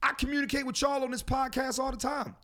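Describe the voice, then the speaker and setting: A man's voice: extremely high pitch, steady tone, fast, pushed and bright. A man hosting a casual podcast, talking in a profane, preachy and joking way. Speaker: podcast host.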